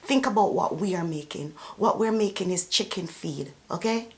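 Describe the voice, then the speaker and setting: A woman's voice: fairly low pitch, normal speed. A woman who works as a personal support worker, giving an indignant, emphatic political rant to camera, repeating words for emphasis. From immigrant to Canada.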